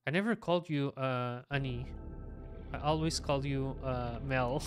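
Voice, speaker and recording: Sleepy streamer rambling through a game, slow and easygoing, game music going behind. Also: medium pitch. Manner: chatty, talks to self and chat, sleepy. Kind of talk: casual live game commentary.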